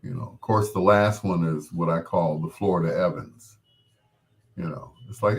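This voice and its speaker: A middle-aged man hosting a casual talk show, gently consoling a grieving listener in a meandering way with frequent restarts. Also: low-pitched, moderate pace. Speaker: host.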